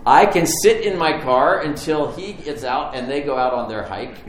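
A man preaching a sermon, telling a personal story with lively restarts and repetitions. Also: medium pitch, normal speed, reverberant, a little hiss or hum, poor audio. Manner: storytelling, animated, stumbling restarts. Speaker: pastor.

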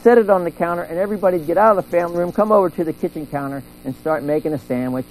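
Animated man preaching a sermon. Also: on the high side, rapid-fire, slight background noise, poor audio. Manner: animated storytelling, acting out voices. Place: church.

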